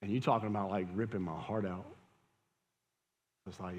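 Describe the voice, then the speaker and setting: A man's voice: on the low side, fairly even intonation, moderate pace, darkish tone, highs cut off. A man, preaching a sermon as a pastor, telling a casual, conversational story and laughing at it. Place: church hall with audience. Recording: live church hall with long reverb.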